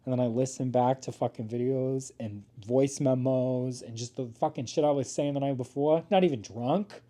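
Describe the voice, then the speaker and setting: Campy, profane young man with a dark, mellow voice. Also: mid-range voice, fairly even intonation. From United States. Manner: campy, self-mocking, profane, dramatic comic pauses. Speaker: YouTuber introducing his channel. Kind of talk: casual to-camera vlog. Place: home, seated at couch or table. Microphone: camera mic.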